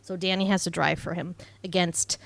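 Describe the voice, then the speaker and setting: A woman's voice: lowish voice, fairly even intonation, moderate pace, vocal fry, no room sound. A young woman co-hosting a podcast, casually recapping a movie plot with lots of "like" and "um" and frequent swearing. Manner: chatty, swears freely, full of "like" and "um". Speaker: podcast co-host.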